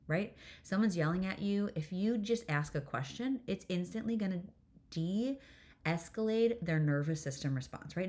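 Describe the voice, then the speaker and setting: A woman hosting a solo podcast, telling a candid parenting story in a chatty, self-deprecating way, laughing often and swearing casually. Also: fairly low pitch. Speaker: podcast host, nervous system coach.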